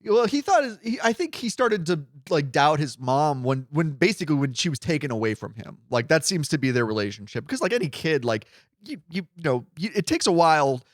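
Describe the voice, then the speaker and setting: A man's voice: on the high side, a little fast, no echo, studio quality. A man co-hosting a casual podcast, rambling and acting out quotes as he talks. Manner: rambling, animated, acts out quotes. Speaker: podcast co-host.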